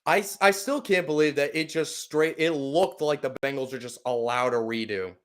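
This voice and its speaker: A man's voice: on the high side, moderate pace. Profane, exasperated young man calling plays. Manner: profane, exasperated, swings into loud outbursts. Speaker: podcast play-by-play host. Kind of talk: live fan play-by-play commentary.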